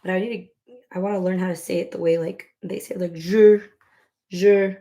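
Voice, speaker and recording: A woman's voice: on the low side, steady tone, quick pace, warm tone. Chatty woman rambling at home. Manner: rambling and chatty, heavy on filler words. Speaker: crochet vlogger. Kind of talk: casual chat while crocheting.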